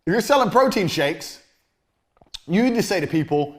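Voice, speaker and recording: A man's voice: animated, normal speed. Blunt, crude man lecturing on business. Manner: crude, forceful, swings between loud emphasis and low asides. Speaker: business speaker. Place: university room.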